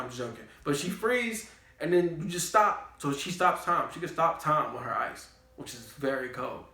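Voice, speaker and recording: A young man recapping an anime in a casual, slangy, animated way, repeating catchphrases. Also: a little high. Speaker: anime reviewer. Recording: roomy room, faint background music.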